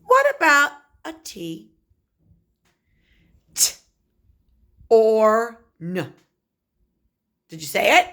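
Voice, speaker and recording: A kindergarten teacher, a woman, giving a recorded phonics lesson and sounding out letters and words slowly for small children. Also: fairly high pitch, huge pitch swings, fairly bright tone.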